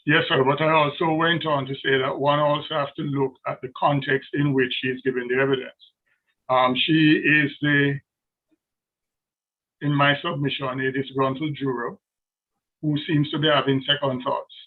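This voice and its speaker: A man's voice: medium pitch, flat delivery, moderate pace. A male defence lawyer making formal, deferential courtroom submissions to appeal judges, with frequent hesitations. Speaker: defence counsel. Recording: tinny phone-like remote line.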